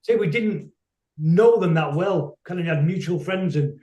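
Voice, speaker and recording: A middle-aged man, a musician telling rambling, anecdotal stories as a guest on a video call, quick to laugh. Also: high voice, dark tone, echoey room, muffled recording. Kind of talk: casual storytelling interview.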